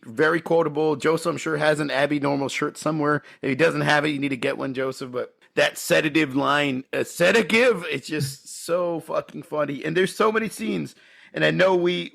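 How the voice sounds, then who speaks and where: A man co-hosting a casual podcast, talking excitedly and laughing as he acts out quoted film lines. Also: a little high, vocal fry. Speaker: podcast co-host.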